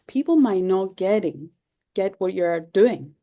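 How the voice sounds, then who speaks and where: A woman's voice: mid-range voice, animated, a little slow, warm tone. A woman therapist from Cyprus as an interview guest, speaking thoughtfully with many fillers and repeated phrases. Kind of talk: interview conversation.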